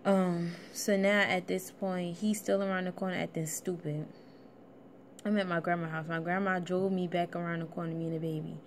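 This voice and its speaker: A woman's voice: fairly low pitch, level tone, moderate pace, slight background noise. Breathless woman telling a blunt storytime. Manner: casual and blunt, swears freely. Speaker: vlogger. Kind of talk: storytime vlog.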